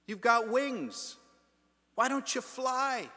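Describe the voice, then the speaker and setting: A man playing a puzzled older male preacher who calls out loudly in disbelief. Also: very high-pitched, expressive, slow, pitched above the performer's own voice, exaggerated voice. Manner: incredulous, calling out loudly. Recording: long church reverb.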